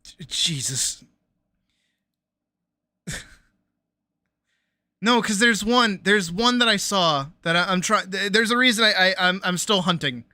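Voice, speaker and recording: A woman streamer chatting casually on a live stream, reacting loudly with exclamations, swearing and laughter. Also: medium pitch, animated, slow, pauses often, no echo. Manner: loud, exclamatory, swears freely, laughs often.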